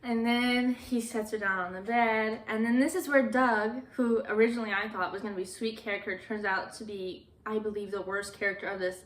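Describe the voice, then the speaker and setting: A woman's voice: mid-range voice, fairly even intonation, fairly quick, few pauses. Chatty young woman in an echoey room. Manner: chatty, laughs often, quotes characters in hushed voices. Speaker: movie recap vlogger. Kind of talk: casual movie recap.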